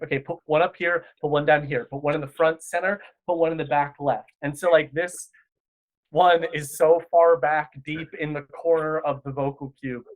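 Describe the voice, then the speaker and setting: A man chatting casually in an interview, talking enthusiastically in rambling sentences full of "like". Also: a little high. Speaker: podcast director.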